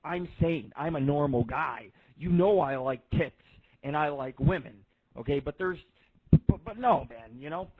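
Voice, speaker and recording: A man's voice: on the high side, lively intonation, unhurried, dry recording. Brief: male radio host, profane rambling storyteller, thin phone-quality audio. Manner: crude, swears constantly, rambling. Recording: tinny phone-like line.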